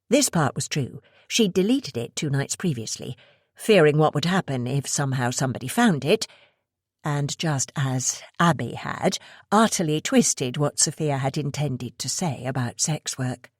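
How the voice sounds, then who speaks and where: A woman reading a thriller audiobook aloud in a steady storytelling way. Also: deep voice, a little slow, no room sound, clean studio sound. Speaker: audiobook narrator. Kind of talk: scripted narration.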